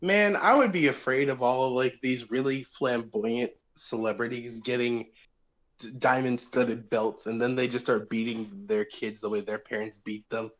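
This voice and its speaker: A man's voice: medium pitch, steady tone, moderate pace, lo-fi sound. A young man co-hosting a casual chat over voice chat, joking and riffing on words. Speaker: podcast co-host. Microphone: voice chat headset.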